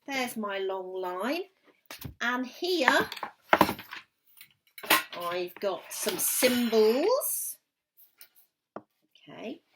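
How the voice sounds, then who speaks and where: Speaking in a fairly high, very animated voice, a primary school music teacher guides young children through a recorded music lesson. She is slow, patient and encouraging, occasionally whispering, and the recording is very noisy.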